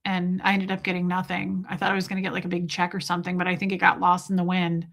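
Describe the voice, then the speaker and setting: A woman's voice: on the low side, completely flat delivery, fast, gravelly, a bit bright. A woman hosting a livestream, chatting casually and profanely as she tells jokey stories and reacts to chat. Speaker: livestream host reading chat.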